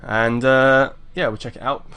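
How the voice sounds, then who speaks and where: A man's voice: medium pitch, fairly even intonation, unhurried, bright, forceful tone, clear, resonant tone. A man from England with an English accent, chatting casually as a video reaction host. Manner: laid-back, chatty, meandering.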